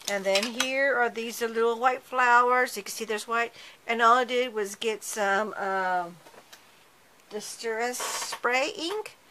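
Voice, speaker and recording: A woman's voice: on the high side, takes it slowly, noisy background. A woman hosting a card-making tutorial, chatting casually and correcting herself as she works with her hands. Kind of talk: casual craft tutorial narration.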